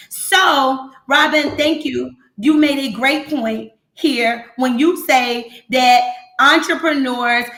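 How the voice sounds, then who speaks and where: A woman's voice: sits high, pushed and bright, echoey room. A woman accountant hosting a business talk show, talking straight and playfully with slang and repeats. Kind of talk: lively casual talk.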